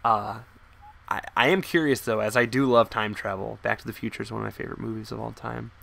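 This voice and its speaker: Casting: young male gamer, bright gravelly voice, quick to swear and marvel, music behind. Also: fairly low pitch. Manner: excitable, swearing, incredulous. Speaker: gameplay commentator. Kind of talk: casual let's-play commentary.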